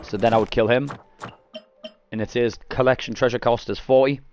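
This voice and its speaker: A man's voice: mid-range voice, fairly even intonation, brisk, darkish tone, soft background music. A man casually walking viewers through a game, rambling and correcting himself, with a cough that keeps interrupting. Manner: rambling, self-correcting, frequent coughs and throat clearing. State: coughing after eating garlic. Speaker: gaming streamer. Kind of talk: casual gameplay tutorial.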